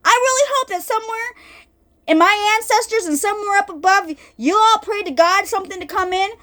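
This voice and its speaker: A woman with a high, light voice talks about faith in a loose, chatty way. She is animated and keeps circling back on her words, calling her viewers y'all. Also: a little fast. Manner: animated, chatty, repeats herself. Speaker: faith vlogger. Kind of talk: casual Bible talk. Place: lives in an RV.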